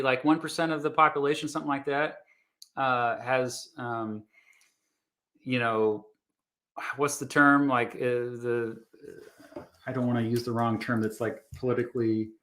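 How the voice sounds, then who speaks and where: Reacting live to video clips, a male history teacher in his thirties or forties talks through his thoughts, stumbling over fillers and restarts. His medium-pitched delivery feels calm and reassuring.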